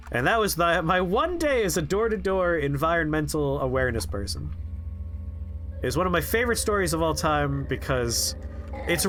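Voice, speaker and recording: Animated man telling a story on stream. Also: fairly high pitch. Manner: animated, quotes people in shifting voices, laughs. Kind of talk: casual storytelling on a game stream. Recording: faint music behind.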